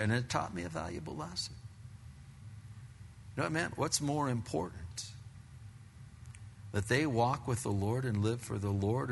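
Older guy preaching, laid-back storytelling with slang, bright tone, big echoey church. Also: medium pitch, vocal fry. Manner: casual storytelling with slang asides. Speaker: pastor. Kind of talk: conversational sermon. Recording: long reverb of a large hall.

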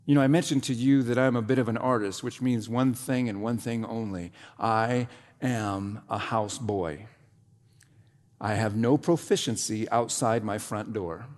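Man, pastor, sermon, dramatic pauses, drops to low hushed tone, medium pitch, long reverb.

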